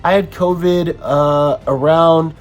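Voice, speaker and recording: A man's voice: fairly high pitch, fairly even intonation, slow, soft background music. A man hosting an opinion commentary, talking emphatically with frequent restarts. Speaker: host.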